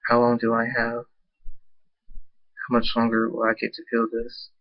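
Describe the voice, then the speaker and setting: A man's voice: mid-range voice, completely flat delivery, normal speed, dry recording. A man narrating his own fan story aloud in an unpolished reading that stumbles over words. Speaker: amateur fan-fiction narrator. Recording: dull lo-fi dry recording.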